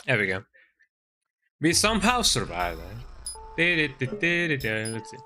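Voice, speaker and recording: A man's voice: mid-range voice, big pitch swings, slow pace, pushed and bright, faint music behind. A man streaming a game, chatting and joking as he plays, reading in-game text aloud and ending lines with "eh?". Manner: chatty, jokey, tags lines with "eh?". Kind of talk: let's-play commentary.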